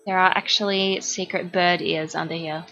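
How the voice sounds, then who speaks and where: A woman's voice: on the low side, fairly even intonation, moderate pace, bright, forceful tone, muffled recording, faint music behind. A young Australian woman streaming her art, chatting casually with viewers, reading their comments aloud and laughing often. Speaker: art livestreamer. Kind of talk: casual chat with live viewers.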